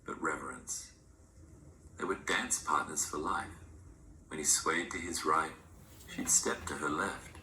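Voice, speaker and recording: A man giving scripted horror narration in a hushed, often whispered delivery. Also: deep voice, slight background noise. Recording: roomy echo, faint ambience.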